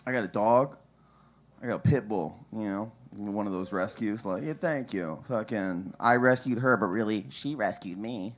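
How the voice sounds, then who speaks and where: A man's voice: on the low side, moderate pace. A young man doing a casual, crude stand-up set at an open mic, rambling with asides and chuckling at his own jokes.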